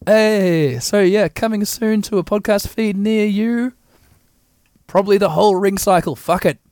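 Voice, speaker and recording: A man hosting a podcast, giving an irreverent, profane, enthusiastic play-by-play of an opera, his voice a bit hoarse. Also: high-pitched, measured pace, darkish tone, no echo, clean studio sound. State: hoarse, recovering throat. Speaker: podcast host. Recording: opera music playing behind.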